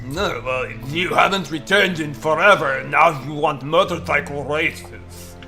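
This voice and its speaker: A man's voice: on the high side, unhurried, pushed and bright, soft background music. A man doing a grudging street-racer bookie. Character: thin pale male street-racer bookie, gruff.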